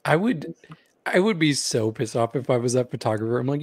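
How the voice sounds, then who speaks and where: Man giving wry, measured podcast opinions. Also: mid-range voice, lively intonation, no echo. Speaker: podcast co-host. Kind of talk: casual reality-show recap chat.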